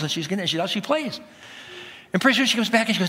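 A middle-aged male pastor delivers a sermon with a bright, forceful voice, pitched a little high for a man. He tells his stories animatedly, acting out everyday voices as he goes. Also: animated, fast.

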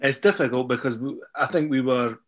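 A man appearing as a guest on a football podcast, giving a measured, hesitant account of a match. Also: mid-range voice. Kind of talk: casual podcast chat.

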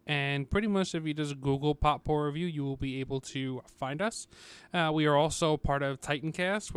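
A man's voice: fairly high pitch, clean tone, dry recording. A man co-hosting a podcast, chatting casually about a movie and closing the show in a laid-back way. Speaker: podcast co-host. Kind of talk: casual chat.

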